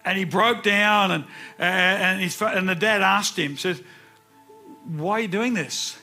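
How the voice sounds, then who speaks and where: A man's voice: sits high, measured pace, pushed and bright, soft background music. A man in his sixties preaching a sermon, telling personal stories earnestly and repeating words for emphasis. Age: 60s.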